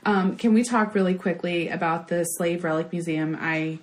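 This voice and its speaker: A woman's voice: on the low side, moderate pace. Emotional woman podcast co-host. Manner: emotional, talks in long run-on stories. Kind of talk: casual podcast chat.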